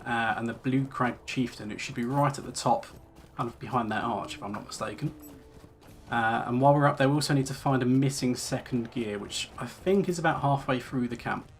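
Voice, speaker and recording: A man's voice: medium pitch, a little fast, soft background music. A man streaming a game, chatting casually with lots of fillers and reading quest text aloud. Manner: relaxed, rambling with many fillers. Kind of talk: casual let's-play commentary.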